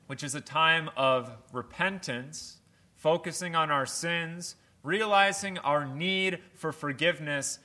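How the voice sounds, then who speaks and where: Slow, bright-voiced male pastor preaching. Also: a little high. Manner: measured, emphatic preaching. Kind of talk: sermon.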